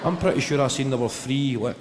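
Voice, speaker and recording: Sweary stand-up comedian. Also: male voice, mid-range voice, brisk, big-room sound, noisy background. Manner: deadpan, sweary, rambling asides. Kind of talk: stand-up storytelling. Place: live comedy venue.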